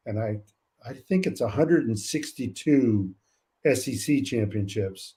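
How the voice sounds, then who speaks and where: An older man with a warm, mellow voice speaks slowly and reflectively, often pausing to gather his thoughts. He is from California and sounds like a veteran coach chatting as a guest. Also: medium pitch. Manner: measured and reflective, many "uh" pauses. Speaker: college track coach, guest. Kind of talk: casual interview talk.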